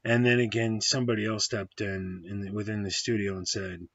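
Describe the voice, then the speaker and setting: A low-pitched, husky man talks through a movie review in a loose, rambling way, correcting himself and swearing bluntly. The recording is dry and slightly dull, like a lo-fi home setup. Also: little pitch movement, a little fast, fairly bright tone, dry recording. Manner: rambling, digressive, with frequent fillers and self-corrections; blunt and profane. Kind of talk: casual spoken movie review.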